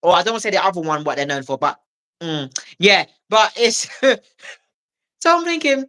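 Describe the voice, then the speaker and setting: A woman from England, a comedian guest on a podcast, telling stories in lively casual chat and acting out what people said to her. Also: on the low side, a little fast. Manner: animated storyteller who acts out quoted voices and laughs often.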